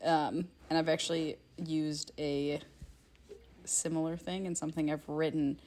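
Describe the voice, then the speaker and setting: A woman's voice: low voice, little pitch movement, unhurried, a little mellow, a little hiss or hum. A woman co-hosting a film podcast, chatting casually and rambling with lots of filler words. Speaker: podcast co-host.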